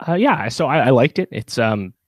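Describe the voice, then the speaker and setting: A man's voice: medium pitch, very animated, normal speed, no echo. A man co-hosting a podcast in casual chat, rambling with many fillers and restarts. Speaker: podcast co-host.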